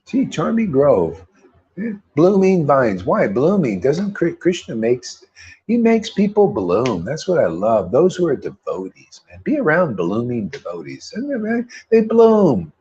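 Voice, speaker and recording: A man's voice: on the high side, wildly swooping pitch, a little slow, a little mellow, muffled recording, a little hiss or hum. A man giving a casual, rambling devotional talk with a laid-back manner, often tossing in "man". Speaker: devotional speaker.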